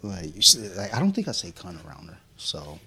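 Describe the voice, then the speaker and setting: A deep, bright-toned man with a slightly husky edge, chatting casually. He swears freely, laughs through his stories and sounds a little drunk. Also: sing-song, brisk. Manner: profane, laughing, storytelling. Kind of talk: casual chat.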